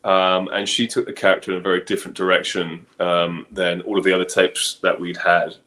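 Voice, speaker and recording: Middle-aged male director, very low voice, relaxed and reflective. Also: fairly quick. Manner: relaxed, thoughtful, many ums and you-knows. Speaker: film director guest. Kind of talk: casual interview chat.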